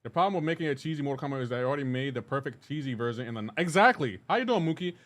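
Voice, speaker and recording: Male streamer, relaxed and rambling, mid-range voice, reads chat aloud between plays. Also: mid-range voice, very fast. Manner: laid-back, reads chat messages aloud and answers them; rambling with frequent restarts and asides to gameplay. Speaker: live streamer. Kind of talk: casual gaming livestream chat.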